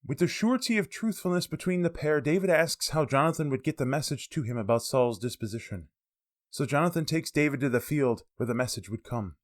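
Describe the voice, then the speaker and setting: A man giving a sermon that explains a Bible passage, lively and expressive, with casual asides. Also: on the high side, a little fast. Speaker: preacher.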